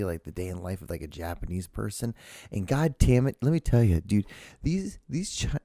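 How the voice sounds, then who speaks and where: Gravelly low-voiced man rambling. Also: warm tone, no room sound, studio quality. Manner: rambling, profane, many restarts. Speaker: podcast host. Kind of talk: casual solo monologue.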